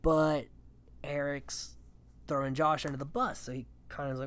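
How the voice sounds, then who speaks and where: A man's voice: fairly high pitch, level tone, normal speed, fairly bright tone, clean tone. A man talking casually and offhandedly as a recap host, swearing freely and chuckling often between points. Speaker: reality show recap host.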